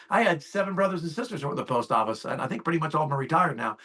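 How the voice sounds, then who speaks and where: Man, 50s, sales agent on a call: fired-up, emphatic, fairly high voice. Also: racing, hardly any pauses. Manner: animated, acts out both sides of client calls. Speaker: insurance sales agent sharing tips. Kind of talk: casual call talk. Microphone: call audio.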